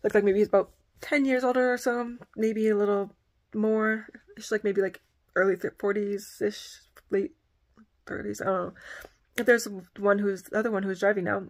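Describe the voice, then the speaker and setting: A woman's voice: medium pitch, fairly even intonation, moderate pace. A woman vlogger telling a personal story in a rambling, casual way, packing her sentences with "like". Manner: rambling, heavy use of filler "like".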